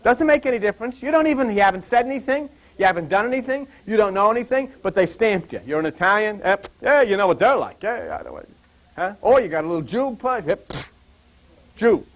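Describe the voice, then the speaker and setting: Older man teaching, high and animated. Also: a little fast. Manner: animated, digressive storyteller. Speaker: Bible teacher. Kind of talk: rambling anecdotal Bible talk.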